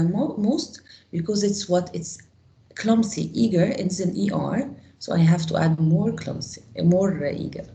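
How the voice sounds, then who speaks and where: Woman, English teacher, step-by-step grammar explanation, mellow gravelly voice. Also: medium pitch, roomy sound, poor audio. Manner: explains step by step, asks the class questions. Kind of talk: grammar lesson to a class.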